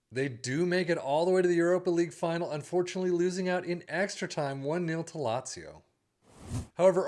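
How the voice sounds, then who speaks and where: Upbeat man reviewing a game. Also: on the high side. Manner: upbeat, chatty, reads off stats quickly. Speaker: video game channel host. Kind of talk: casual game review commentary.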